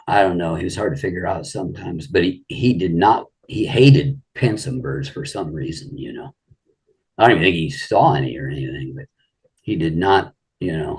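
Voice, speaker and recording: Older male guest, gravelly and deep, easygoing storyteller who rambles. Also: darkish tone. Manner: rambling anecdotes full of "you know". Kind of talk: casual storytelling interview.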